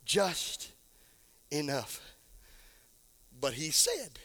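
A man preaching a sermon as pastor, dropping to a low hush and then building up to shouted exclamations. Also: lively intonation, measured pace, long pauses. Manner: drops to a low hush for emphasis.

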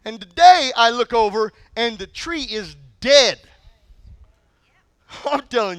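A male pastor preaching a sermon in an animated, humorous storytelling manner. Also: extremely high pitch, slow, pauses often, smooth, dry recording.

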